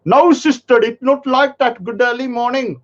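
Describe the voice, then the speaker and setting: A man's voice: very high-pitched, moderate pace, dull audio, pitched above the performer's own voice. A man putting on the voice of a preachy male online commenter who insists and repeats himself. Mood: insistent.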